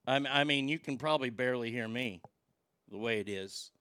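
A man's voice: mid-range voice, a little fast, smooth, dry recording. A man hosting a radio show, ranting angrily and swearing, feeling sick after being up all night. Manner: profane, ranting, shouting in outbursts. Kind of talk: angry talk radio rant. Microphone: broadcast board mic.

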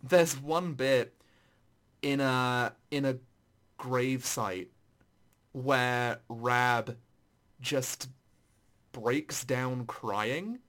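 A man in casual chat about video games, animated and swearing, his voice jumping high when excited. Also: very slow, pauses often.

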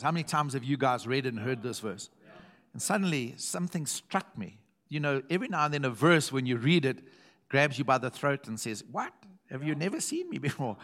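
A man's voice: medium pitch, fairly bright tone. A man preaching a sermon to his congregation, reading scripture aloud and joking along the way. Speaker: pastor.

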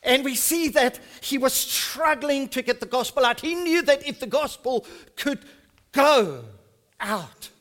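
A man in his fifties preaching a sermon to his church, reading scripture slowly and emphatically, then dropping his voice to soft asides. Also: very high-pitched, animated. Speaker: pastor. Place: church service.

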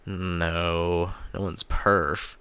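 A young man with a deep, low voice rambles through crude, sarcastic commentary on his own show, full of filler words. The sound is dry and close, with no room echo. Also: little pitch movement, extremely slow, sharp tone, clean tone. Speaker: podcast host. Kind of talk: casual solo commentary.

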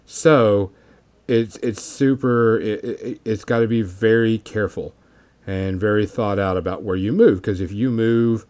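Low-voiced man chatting about tabletop games. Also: fairly even intonation, unhurried, a little mellow. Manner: explains with many fillers and restarts. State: has the hiccups. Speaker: podcast co-host. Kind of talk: casual hobby chat.

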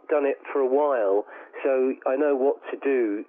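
A man's voice: medium pitch, normal speed. A middle-aged man with a slight southern English accent, answering radio interview questions enthusiastically and rambling with restarts. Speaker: guest musician. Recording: tinny phone line.

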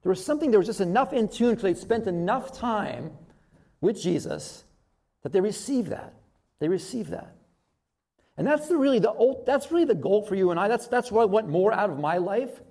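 A male pastor giving a sermon in a relaxed, conversational way, often acting out people's inner thoughts and repeating words as he goes. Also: high voice, normal speed. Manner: conversational, animated, with many restarts and acted-out inner thoughts.

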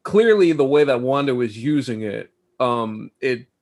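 A man in a casual podcast chat, excitable and halting, often restarting his sentences. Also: mid-range voice. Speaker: podcast co-host.

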